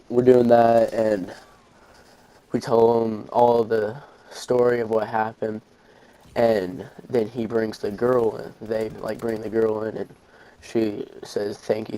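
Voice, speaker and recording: A man's voice: lowish voice, mellow, poor audio. A young man, telling a long story casually over gameplay, rambling with fillers and restarts. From Arkansas, USA. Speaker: gaming channel host.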